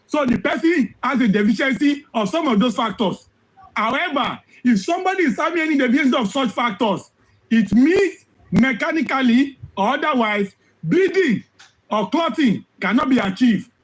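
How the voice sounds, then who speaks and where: A man giving impassioned commentary, hoarse from losing his voice, firing off rhetorical questions and repeating phrases for emphasis. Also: very high voice, lively intonation, normal speed, rough recording. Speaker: social commentator.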